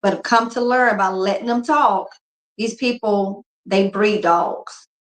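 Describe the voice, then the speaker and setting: Woman, 40s, grieving and subdued, candid chat with viewers, mid-pitched voice, roomy echo. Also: takes it slowly. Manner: candid and emotional, talks straight to viewers. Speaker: couponing vlogger. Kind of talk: casual live chat with viewers. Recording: echoey room.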